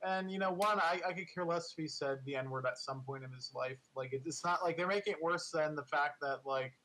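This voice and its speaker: A man's voice: a little high, a little fast, bright, forceful tone, rough recording. A man in casual political chat on a podcast, rambling and sarcastic, full of restarts and filler words.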